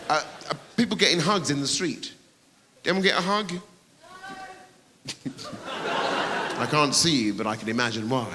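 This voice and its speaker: A man doing a stand-up comedy set on a theatre stage, teasing the audience and bursting into shouted high voices. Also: normal speed, pauses often. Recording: reverberant hall with loud audience noise.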